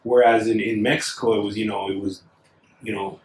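A man in casual conversation, talking haltingly and earnestly with many fillers. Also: on the low side, level tone, a little mellow, a little hiss or hum. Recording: echoey room, distant mic.

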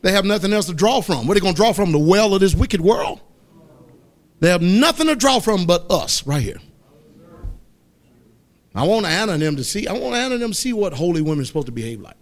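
A man's voice: sits high, big pitch swings, fairly quick, pauses often. Preaching man with a drawl. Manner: preaching, swinging from loud exhortation to soft asides. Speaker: pastor. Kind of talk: sermon. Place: church.

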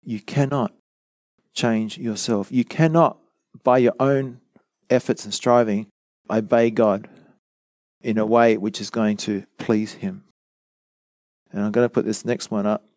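A man's voice: fairly low pitch, level tone, unhurried, pauses often, a little mellow, no echo, clean studio sound. A man giving a teaching sermon, earnest and emphatic, who explains with rhetorical questions and repeated lines. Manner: rhetorical questions, acts out quoted voices. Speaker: preacher.

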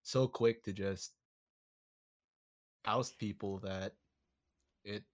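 A man's voice: on the low side, steady tone, extremely slow. A man co-hosting a podcast in casual chat, laid-back and affirming, setting up a game segment. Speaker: podcast co-host.

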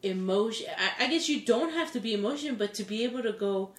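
A woman's voice: medium pitch, fast, echoey room. A woman co-hosting a podcast, talking casually and indignantly, acting out what other people say. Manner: indignant, animated quoting of others. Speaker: podcast co-host. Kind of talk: casual chat.

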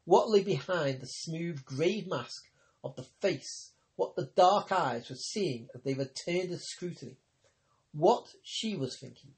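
A man narrating a novel in a measured, steady reading voice. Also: a little high. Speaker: audiobook narrator.

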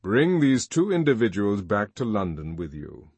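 A man voicing a powerful older world controller with a deep, resonant voice, calm and commanding. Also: moderate pace, breathy edge, dry recording, exaggerated voice.

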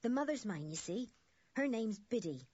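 A friendly young farm boy, voiced by a woman narrator talks cheerfully and proudly. The voice is a little breathy, with a dry, dull recording. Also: fairly high pitch, sing-song, normal speed, mellow, dry recording, voice pushed up.

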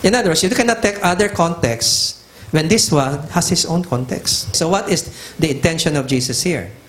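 A middle-aged man with a Filipino accent delivers a teaching sermon in an emphatic, driving manner, repeating his points for effect. His voice sits a little high for a man, and he slides between languages as he presses each argument home. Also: expressive, moderate pace, fairly bright tone. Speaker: pastor.

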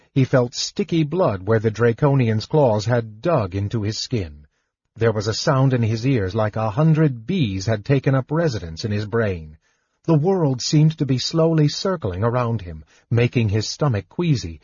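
A man narrating a fantasy audiobook in a measured, expressive storytelling manner. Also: mid-range voice, husky, no room sound. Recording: dull lo-fi dry recording.

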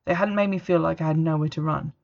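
A woman reading a first-person story as narrator, in a steady, even manner, on a dull lo-fi recording. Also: sits low, fast, gravelly. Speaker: audiobook narrator.

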